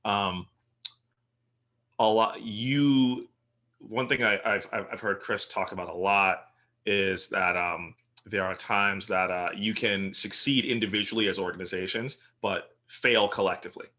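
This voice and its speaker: Male moderator, very low pitch but bright, crisp tone, stumbling and restarting as he talks. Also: fairly even intonation. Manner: halting, many repeated starts. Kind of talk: casual panel chat on a video call.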